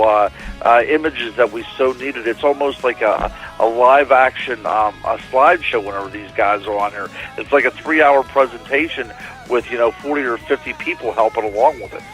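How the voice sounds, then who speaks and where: A middle-aged man calling in as a radio show guest by telephone. He is hoarse and losing his voice, and he talks with enthusiasm, often repeating words as he restarts. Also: mid-range voice, fairly bright tone, rough recording. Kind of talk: radio interview.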